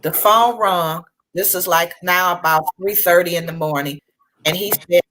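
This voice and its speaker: A woman's voice: on the low side, normal speed, a bit bright, slight background noise, poor audio. A middle-aged woman recounting a personal story as a panel guest, earnest and conversational. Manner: earnest, conversational, with restarts and colloquial speech.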